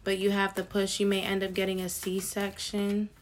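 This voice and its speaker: A woman giving a casual tarot reading to her viewers, chatty and slangy with excited asides. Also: mid-range voice, moderate pace, slight background noise. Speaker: tarot reader.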